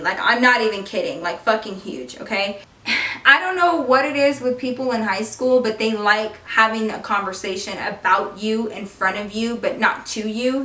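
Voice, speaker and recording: A young woman in her twenties casually telling a story on her vlog, animated and swearing freely. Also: a little high. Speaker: beauty vlogger telling a story. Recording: echoey room, far from the mic.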